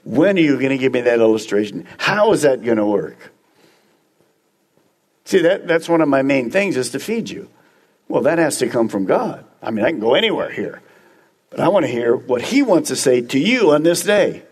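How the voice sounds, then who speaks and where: A man's voice: medium pitch, very animated, moderate pace, slightly rough. A man preaching a sermon as pastor, emphatic and speaking straight to the congregation with repeated phrases.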